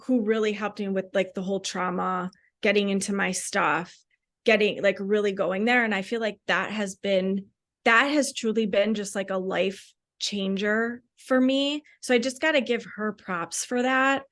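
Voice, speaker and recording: A woman's voice: medium pitch, steady tone, moderate pace, a bit bright. Candid woman guest reflecting openly. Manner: candid, reflective, many "like" fillers. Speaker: podcast guest. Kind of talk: casual conversational interview.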